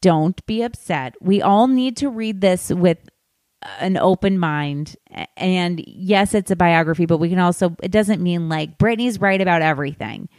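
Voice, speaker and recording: A woman hosting a podcast, chatting casually and gossipily about a book, with animated asides to her listeners. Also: lowish voice, normal speed, dry recording, studio quality. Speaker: podcast host. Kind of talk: casual book-discussion chat.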